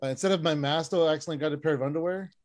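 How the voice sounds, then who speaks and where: A man performing a stand-up set over a video call, deadpan one-liners with frequent "uh" fillers. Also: a little high, rapid-fire. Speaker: stand-up comic.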